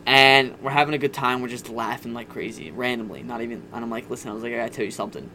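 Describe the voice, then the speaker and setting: A man's voice: medium pitch, fast talker, noisy background. A young man casually telling a candid, profane personal story on a podcast. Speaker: podcast guest.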